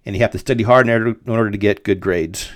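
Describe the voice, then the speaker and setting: A man's voice: on the low side, racing, no room sound, clean studio sound. A middle-aged man hosting his podcast, telling a personal story in a rambling way with many fillers and restarts. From Denver, Colorado. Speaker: podcast host. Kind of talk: casual storytelling monologue.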